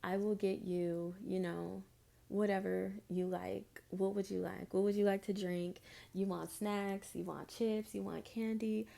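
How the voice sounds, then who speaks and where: A woman's voice: medium pitch, flat delivery, measured pace, gravelly, dark tone. A woman voicing a kind, eager young man who offers drinks and snacks in a friendly, obliging way, within her storytime retelling.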